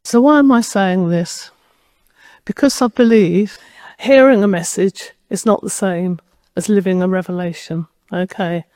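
A woman's voice: medium pitch, warm tone, dry recording. A woman preacher giving a sermon, telling a personal story in a conversational, direct way.

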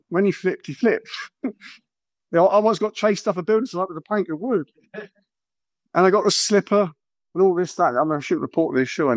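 A middle-aged man preaching a sermon, animated and acting out quotes with exaggerated voices. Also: high-pitched, no room sound, clean studio sound.

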